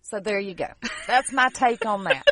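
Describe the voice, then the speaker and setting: A woman's voice: mid-range voice, normal speed, pushed and bright. A woman co-hosting a casual podcast, narrating history from her notes with joking, sarcastic asides. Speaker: podcast co-host.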